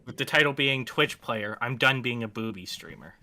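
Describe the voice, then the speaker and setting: Blunt, very bright-voiced man. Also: medium pitch, normal speed. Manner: blunt and crude, many fillers. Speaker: podcast co-host. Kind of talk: casual commentary chat.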